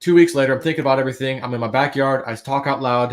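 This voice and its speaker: A man on a livestream telling a story casually, acting out his own quotes and swinging between hushed and loud. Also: mid-range voice, very fast, few pauses. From United States.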